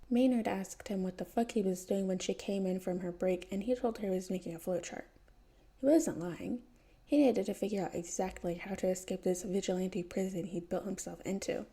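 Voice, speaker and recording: A woman narrating a fanfiction audiobook with a dry, wry delivery. Her voice is mellow and dark-toned, with a steady gravelly fry at the edges of her phrases, pitched in a mid range. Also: moderate pace. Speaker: podfic reader.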